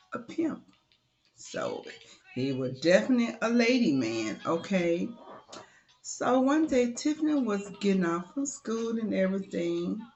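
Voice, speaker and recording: A woman tells a story in a loose, chatty way and keeps dropping in "you know." Her pitch is medium. The recording sounds slightly dull, with faint music under it. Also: a little mellow. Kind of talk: casual oral storytelling.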